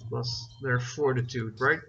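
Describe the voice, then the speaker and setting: A man's voice: mid-range voice, fairly even intonation, measured pace, vocal fry, fairly bright tone, husky. A man narrating as game master, rambling with many fillers and checking rules aloud as he goes. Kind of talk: narrating a tabletop game over voice chat. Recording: dull, lo-fi voice chat with faint noise.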